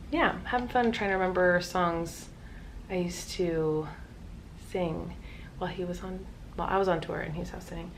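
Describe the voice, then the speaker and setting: A woman's voice: low-pitched, brisk, slight background noise. A woman in her twenties in casual vlog chat from her home office, chatty and full of "like". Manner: chatty, filler-heavy with lots of "like". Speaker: vlogger.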